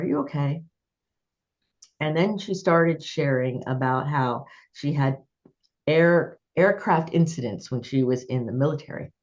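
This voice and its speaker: A woman's voice: extremely low pitch, a little mellow, muffled recording. A woman hosting a podcast interview, chatting and telling personal stories with frequent laughter. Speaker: podcast host. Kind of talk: conversational interview.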